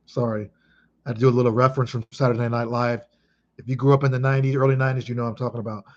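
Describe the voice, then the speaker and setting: A man in his thirties from Chicago, reminiscing casually in an emphatic, excitable way with heavy swearing. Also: medium pitch, racing, lo-fi sound. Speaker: vlogger.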